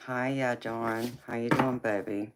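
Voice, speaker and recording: A woman from Georgia, United States, with a Southern US accent hosts a casual live tarot stream amid heavy background noise. Her voice is extremely low, steady and slow. Folksy and quick to laugh, she greets viewers as honey and baby and lectures them about manners.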